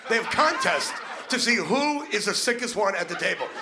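A male stand-up comedian with a brash, fast-talking manner, needling the crowd from a comedy club stage during a live set. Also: sits high, very animated. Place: comedy club stage before a laughing audience. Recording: noisy live club recording.

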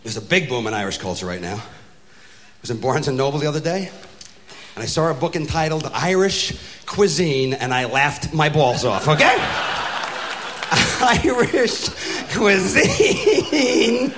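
A brash male stand-up comedian hammers home crude punchlines, his voice rising and falling in a lively way. Clear background noise runs under the live recording. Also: fairly high pitch, a little slow.

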